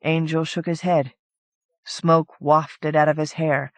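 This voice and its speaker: A woman's voice: low-pitched, little pitch movement, slow pace, no room sound. A woman reading a short story aloud in a casual, conversational first-person telling. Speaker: audiobook narrator. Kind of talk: scripted narration of a short story.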